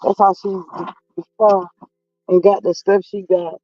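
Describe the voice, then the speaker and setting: A man's voice: high voice, level tone, measured pace, dark tone, dry recording. A man hosting a casual live-stream commentary, gossiping in a drawling, sassy way and reading chat to viewers. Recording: slightly dull lo-fi audio with faint music.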